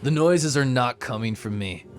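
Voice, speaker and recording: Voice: medium pitch, lively intonation, moderate pace, soft background music, close to an everyday voice. A streamer voicing a laid-back surfer-bro game character who keeps saying he is a great listener. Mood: defensive. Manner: drawling, easygoing surfer-bro talk. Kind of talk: game voice acting.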